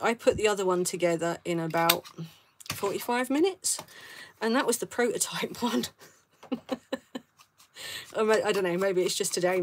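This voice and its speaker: A woman's voice: lowish voice, a little hiss or hum. A middle-aged woman from London with a southern English accent, chatting casually and rambling as she hosts a live craft stream, laughing often. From south of England, London. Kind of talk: casual chat while crafting.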